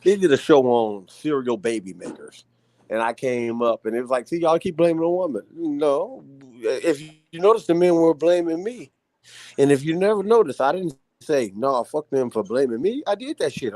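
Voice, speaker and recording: A man's voice: on the high side, expressive, normal speed, mellow. A man on a live-stream panel, talking bluntly and candidly. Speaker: panel guest.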